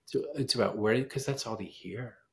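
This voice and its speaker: Man with a gravelly voice telling a lively story. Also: lowish voice, normal speed, a little hiss or hum. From United States. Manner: animated storyteller acting out quoted dialogue. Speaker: pianist and composer, guest. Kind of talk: casual interview storytelling.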